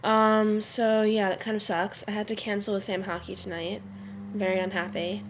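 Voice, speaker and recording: A woman's voice: medium pitch, flat delivery, moderate pace, slight background noise. A teenage girl who is sick and congested, rambling to her webcam in her bedroom, chatty and easily sidetracked. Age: teens. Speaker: vlogger. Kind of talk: casual chat to camera.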